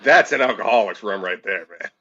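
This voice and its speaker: A man's voice: lowish voice, a little fast, bright, forceful tone, lo-fi sound. A man co-hosting a casual chat, rambling and swearing as he tells stories. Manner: rambling, profane, trails off and restarts. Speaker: podcast co-host.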